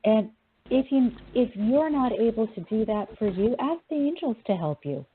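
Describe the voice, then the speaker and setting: A woman's voice: on the high side, expressive, normal speed, slight background noise. A woman hosting a spiritual talk, speaking earnestly and laughing often as she tells a story. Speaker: spiritual teacher and show host. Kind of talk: casual spiritual chat. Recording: narrow phone-like line.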